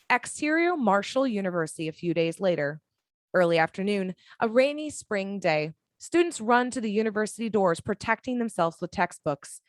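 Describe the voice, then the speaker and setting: Woman narrator for a fan audio drama; measured, dramatic reads, mid pitch, dry and close-miked. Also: no room sound. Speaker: narrator reading action descriptions.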